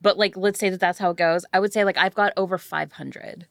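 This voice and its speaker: A woman player speaking in character in a tabletop game, pitching a deal in a halting, rambling way full of fillers. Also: steady tone, creaky, no room sound, studio quality. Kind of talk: in-character tabletop role-play.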